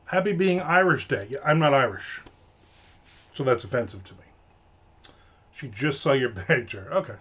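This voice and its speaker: Brief: male, fifties, mid-pitched, loose joking live-stream chatter, slightly dull lo-fi sound. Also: animated, moderate pace, long pauses, a bit bright, breathy edge. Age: 50s. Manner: rambling, joking storyteller who mimics his mother. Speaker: author streaming a live writing session. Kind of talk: casual live-stream chat.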